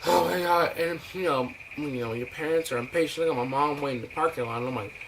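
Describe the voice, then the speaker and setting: A man's voice: medium pitch, quick pace. A young man telling a rambling, profane story in a ranting vlog, full of fillers and acted-out quotes. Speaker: vlogger. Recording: noisy home recording.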